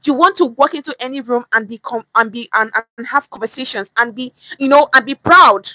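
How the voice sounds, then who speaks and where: High bright-voiced Nigerian woman coach. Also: fairly quick, no echo, low-quality recording. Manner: animated, repeats phrases for emphasis; addresses viewers directly, mixes in Pidgin. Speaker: pidgin language coach. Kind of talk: casual teaching monologue.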